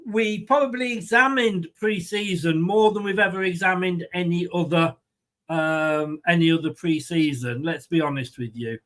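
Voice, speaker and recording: A man's voice: sits high, normal speed, a bit bright. A man with a light, rambling, chatty manner, hosting a live football watchalong and reading out viewer comments. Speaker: host of a fan watchalong.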